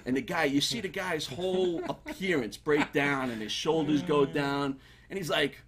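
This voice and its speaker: A man who is a guest on a talk show, telling stories in a casual, animated way and laughing as he talks. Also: fairly high pitch, moderate pace. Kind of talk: casual storytelling.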